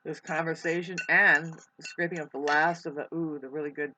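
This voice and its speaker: A woman's voice: low-pitched, fairly even intonation, normal speed, pushed and bright, slight background noise. A woman vlogger rambling in a casual monologue. She swears freely, restarts her sentences often and eats while she talks. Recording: muffled lo-fi recording.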